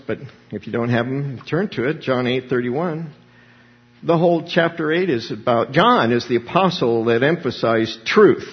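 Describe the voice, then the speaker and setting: Husky-voiced man preaching a sermon. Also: mid-range voice, lo-fi sound. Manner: animated preaching, voice rising and dropping. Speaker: pastor.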